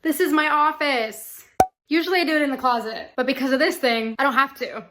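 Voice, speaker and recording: A young woman with a slightly high voice talks straight to camera in a casual vlog. She is sarcastic and swears freely, and her voice bounces around a roomy, echoey home office. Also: brisk, background noise. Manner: sarcastic, swears freely, laughs between lines. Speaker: vlogger and actress.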